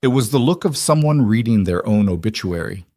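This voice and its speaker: A man calmly reading a scripted drama story aloud as narrator. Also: on the low side, fairly quick, dry recording, clean studio sound.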